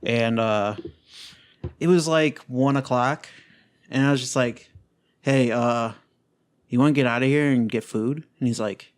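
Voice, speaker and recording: A man in his twenties co-hosting a casual podcast chat, telling stories in a profane, animated way. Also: mid-range voice, unhurried, pauses often, smooth. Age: 20s. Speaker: podcast co-host.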